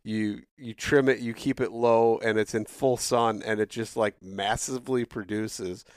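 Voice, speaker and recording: A man co-hosting a podcast in casual chat, an animated storyteller who acts out the people he quotes. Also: lowish voice, a little slow, smooth, no echo, clean studio sound. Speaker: podcast co-host.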